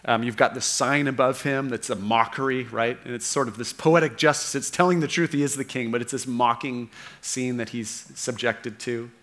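A man's voice: medium pitch, fairly even intonation, moderate pace, fairly bright tone. A man preaching a sermon, earnest and unscripted, with frequent fillers and restarts.

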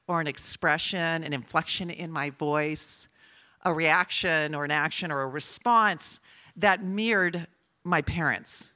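An older woman preaching to a room of women, her voice bright and forward with a slightly low pitch. She talks in a chatty, personal way and teases her listeners now and then. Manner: warm, chatty and personal, teasing with the audience. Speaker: speaker at a women's gathering. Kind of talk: sermon.

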